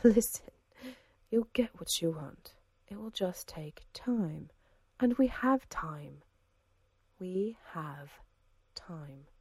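Woman playing a poised female assassin in an audiobook: slow, even, sweetly threatening. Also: mid-range voice, husky, dry recording, clean studio sound. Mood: soothing. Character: cool, commanding female assassin.

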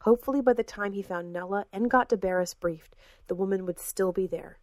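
A woman narrating a fantasy story in a measured manner, dropping to a hush in tense passages. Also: mid-range voice, dry recording. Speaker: audiobook narrator. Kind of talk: scripted narration.

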